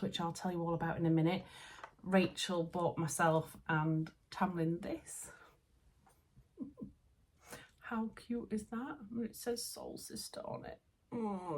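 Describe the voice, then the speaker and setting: A sewing vlogger from Yorkshire, England, a woman in her thirties with a Yorkshire accent, chats to camera about sewing and gifts she's received. Her voice is lowish and darkish in tone, and she's gushing and chatty.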